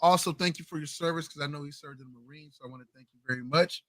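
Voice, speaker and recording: A man with a bright, forward voice hosts a late-night podcast with a laid-back, slangy delivery. His voice is a little high for a man and sounds dry and close to the mic. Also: rapid-fire, no room sound. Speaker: podcast host. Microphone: home streaming mic, adjusting gain.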